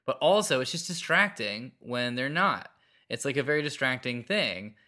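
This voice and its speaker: A man with a bright, forceful voice chats on a podcast. He talks in an animated, jokey way, quick to riff. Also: medium pitch. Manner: animated, jokey, acts out quotes. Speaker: podcast co-host. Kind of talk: casual chat.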